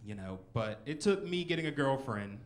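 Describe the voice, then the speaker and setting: A man's voice: mid-range voice, animated, normal speed, a little hiss or hum. A man in his twenties doing a rambling, self-mocking stand-up set in a comedy club. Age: 20s. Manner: rambling, self-mocking, with frequent "you know" and "like".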